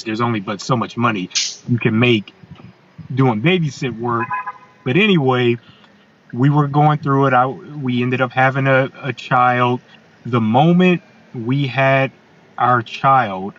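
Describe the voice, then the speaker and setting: A man telling his own story as a podcast guest. He talks in a halting conversational way, restarting and repeating words. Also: medium pitch, a bit bright, dull audio, slight background noise.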